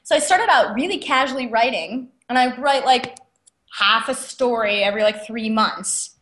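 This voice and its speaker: A young adult woman, a guest author, telling stories in a chatty, animated way and laughing often. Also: a little high, moderate pace. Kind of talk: casual interview storytelling. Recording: roomy echo.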